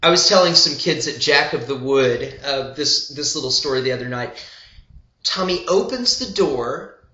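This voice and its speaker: A man's voice: medium pitch, animated, moderate pace, pushed and bright. An older man and old-time fiddler telling a humorous, rambling story at home, wandering off into digressions and asides along the way. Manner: meandering, full of digressions and asides. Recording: roomy, slightly dull home recording.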